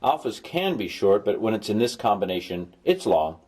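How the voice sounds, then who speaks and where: A man's voice: lowish voice, sing-song, moderate pace, a little mellow, husky. A man recording a language lesson as a tutor, explaining patiently and dropping playful, jokey asides to his students. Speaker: Greek tutor.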